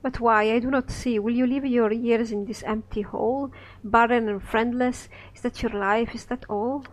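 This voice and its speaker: A man's voice: very high voice, steady tone, moderate pace, low-quality recording. A man reading a scripted play aloud, voicing a lost, naive young woman who speaks in earnest, pleading verse.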